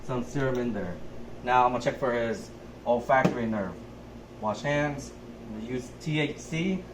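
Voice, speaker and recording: A man's voice: medium pitch, moderate pace. A young adult man, a nurse, talking through a physical assessment step by step in a methodical way. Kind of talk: narrated skills demonstration. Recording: echoey room, faint background noise.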